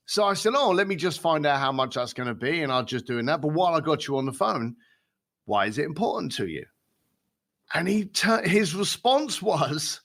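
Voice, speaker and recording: A man's voice: on the high side, lively intonation, moderate pace, a bit bright. A man as a podcast guest, telling stories with animation and acting out the voices of people he quotes. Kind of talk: storytelling in a podcast interview.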